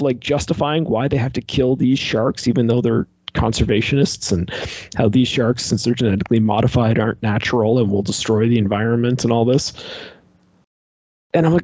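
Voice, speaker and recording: A man's voice: medium pitch, darkish tone, slightly rough, no echo, highs cut off. A man in casual podcast chat, animatedly ranting and exasperated, filling his talk with "like". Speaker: podcast co-host reviewing a movie.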